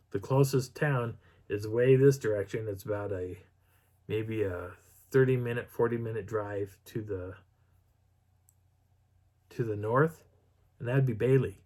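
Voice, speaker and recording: A middle-aged man telling a story on his video channel in a casual, animated way, acting out what people said. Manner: animated, acts out quotes with pitch jumps and whispers. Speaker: vlogger.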